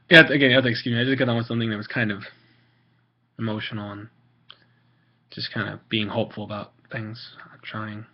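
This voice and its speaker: A man's voice: on the low side, fairly even intonation, quick pace, slightly rough, dull audio. A teenage boy ranting casually on a vlog, rambling with lots of fillers, restarts and swearing. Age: teens. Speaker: video maker.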